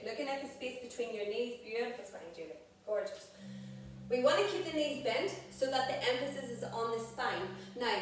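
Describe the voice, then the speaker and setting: A woman yoga teacher guiding a live group class, calling out poses and breaths in an encouraging way. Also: on the high side. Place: group exercise studio. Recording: echoey room, voice far from mic, background noise.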